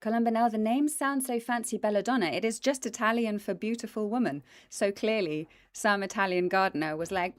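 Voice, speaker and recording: Talking a little fast with hardly any pauses, this woman has a mid-range voice and no room sound. She's a voice actress hosting a plant livestream, chatty and enthusiastic with viewers, full of ums and asides, right at her desk mic. Her accent mixes British and American.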